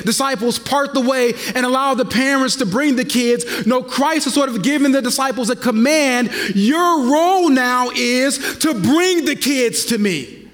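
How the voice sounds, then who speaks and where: A man preaching a sermon as pastor, swinging between loud passionate stretches and hushed, drawn-out lines. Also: very high voice. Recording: long reverb of a large hall.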